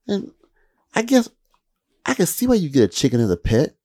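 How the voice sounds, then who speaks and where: A man telling rambling, profane stories in a casual comedic monologue, his voice jumping up high when he gets worked up. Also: huge pitch swings, moderate pace, long pauses, a little mellow.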